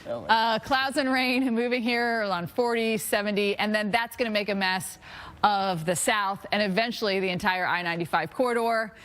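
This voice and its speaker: A middle-aged woman presenting a live TV weather forecast, lively and chatty, laughing at her own slips. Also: mid-range voice, moderate pace.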